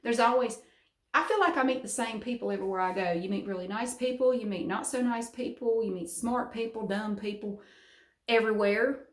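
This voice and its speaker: A woman's voice: fairly high pitch, fairly quick. A middle-aged woman from the American South with a Southern accent, chatting casually in a vlog and laughing often. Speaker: vlogger. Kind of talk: casual chat. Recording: roomy echo.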